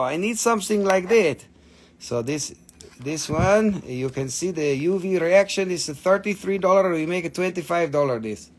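Swearing, joking man selling rocks live. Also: on the high side. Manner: joking, blunt, swears freely, non-native phrasing. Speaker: live-stream seller of minerals. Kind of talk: casual live sales stream.

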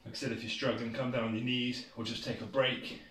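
A man's voice: mid-range voice, little pitch movement, fast, fairly bright tone. A British man leading a home workout, talking casually and encouragingly while slightly out of breath. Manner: casual, encouraging, loose phrasing. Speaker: fitness instructor. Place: room at home. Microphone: far camera mic. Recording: roomy, distant, noisy home video.

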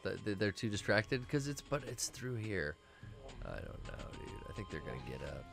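A man's voice: fairly low pitch, sing-song, brisk, gravelly, music in the background. A man co-hosting a casual gaming stream, laid-back and swearing often, muttering to himself as he plays. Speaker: stream co-host playing a video game.

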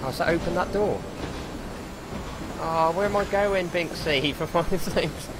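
A man's voice: fairly high pitch, a little slow, noisy background. A man commentating a horror game let's play, panicky, swearing and joking as he plays. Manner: panicky, swearing, jokey and excitable. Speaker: gaming YouTuber.

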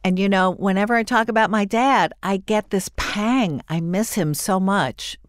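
A woman's voice: medium pitch, moderate pace, no echo, clean studio sound. An older woman hosting her own podcast, talking chattily and effusively in a solo monologue. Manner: chatty, animated and warmly effusive. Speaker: podcast host.

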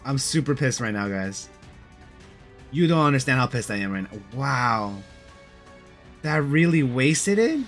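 A man's voice: medium pitch, sing-song, measured pace, long pauses, a bit bright, faint music behind. A young man giving casual, slangy commentary on a mobile game, frustrated and peppering his talk with bro and dude.

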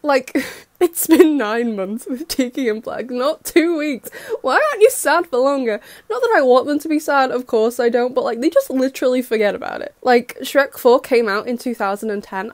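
A young woman recapping a cartoon episode in a gushing, excitable fangirl way. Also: on the high side, dry recording. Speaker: fan reaction host.

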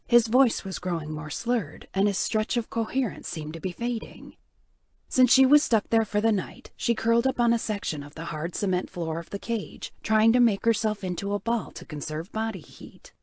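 An audiobook narrator with a mid-range voice reads a scripted story, her delivery measured and even.

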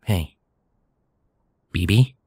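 A man voicing a caring young human father who talks gently and jokes warmly. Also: drawn-out words, dry recording, low-quality recording. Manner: gentle, joking and warm. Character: warm caring young adult human dad.

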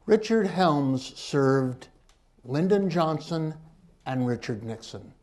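Emphatic man with a mellow voice. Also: fairly high pitch, lively intonation, slow pace. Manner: emphatic, rhetorical questions, wry. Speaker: author and journalist on a panel. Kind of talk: panel discussion.

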